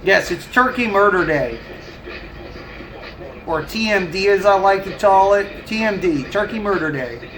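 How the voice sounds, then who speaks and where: A man's voice: sits high, expressive, a little slow, fairly bright tone, poor audio. A man on a live stream, chatting casually and ranting with heavy swearing and frequent laughs. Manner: profane, ranting, laughs often. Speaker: livestreamer.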